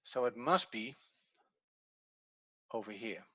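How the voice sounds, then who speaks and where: A middle-aged man teaching a grammar lesson, explaining slowly and step by step, a non-native English speaker whose first language is Dutch. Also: medium pitch, animated, a bit bright, dry recording, muffled recording. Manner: slow, methodical explaining step by step. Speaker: Hebrew teacher.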